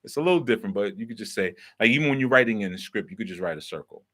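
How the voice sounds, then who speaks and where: Very fast and lively, with a lowish, slightly bright voice, this host and teacher explains in a casual lecturing style. He throws out rhetorical questions and keeps checking in with "right?"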